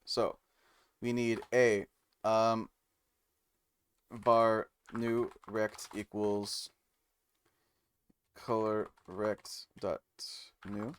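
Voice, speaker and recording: A man streaming live, reading code aloud and musing to chat with many pauses and fillers. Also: on the low side, level tone, smooth. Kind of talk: casual live-stream chat while coding.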